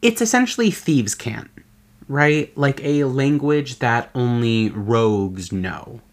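A man hosting a solo podcast, chatting casually and playfully. His pitch swings widely and lively as he explains things and tosses in joking asides. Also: takes it slowly. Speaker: podcast host.

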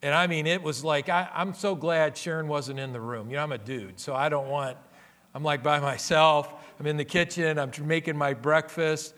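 An older man preaching a sermon as a pastor, earnest, his voice swelling louder on key phrases. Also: a little high, steady tone, normal speed.

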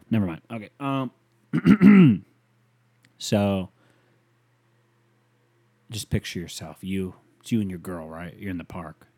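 A young man ranting comically, crude and rambling, swearing often with loud bursts. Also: low voice, animated, slow pace, creaky, long pauses, breathy edge. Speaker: comedian. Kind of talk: profane comic rant.

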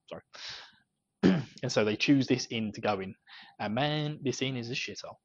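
A man's voice: medium pitch, a little fast. A man hosting a podcast, chatting casually about a book and laughing often between his thoughts. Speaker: podcast host. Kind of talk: casual book discussion chat. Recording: slightly dull lo-fi audio.

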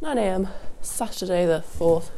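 A woman's voice: on the low side, expressive, normal speed, warm tone. A woman hosting a rambling solo podcast, sick and sniffly, casual and sweary, talking outdoors into a lapel mic with wind behind her. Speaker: podcast host. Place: outdoors at a windy horse yard. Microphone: lapel mic clipped to jacket. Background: wind noise.

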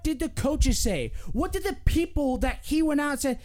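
A man's voice: extremely high pitch, very animated, moderate pace, hardly any pauses, a little mellow. Man hosting a sports podcast, loose profane ranting delivery. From Philadelphia area. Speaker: podcast host. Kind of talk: casual sports chat.

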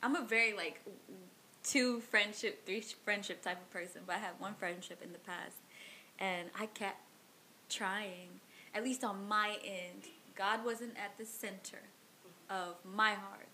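Earnest woman co-host with a bright, sharp voice, faint hiss behind. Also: medium pitch, steady tone, unhurried. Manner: earnest, quotes scripture, agreeable. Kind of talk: casual faith talk.

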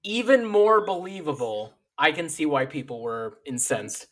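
A man co-hosting a casual podcast, full of joking reactions. His pitch jumps up and down a lot as he riffs. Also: lively intonation, measured pace. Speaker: podcast co-host. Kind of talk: casual chat.

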